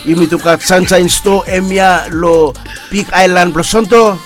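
A man co-hosting a relaxed radio show, rambling in a sing-song way. His voice is a little high, with faint music playing behind. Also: a little slow. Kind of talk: casual radio chat.

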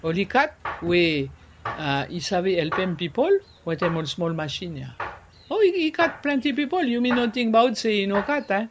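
A man, explaining things in an interview in a halting way, repeating words and slipping into French. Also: high voice, lively intonation, highs cut off, background noise. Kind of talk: conversational explaining.

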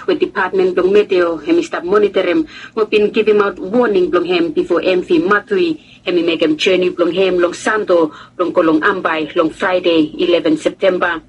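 A man's voice: high-pitched, steady tone, normal speed, hardly any pauses. A man, a reporter reading a scripted news report steadily. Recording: distant with faint noise.

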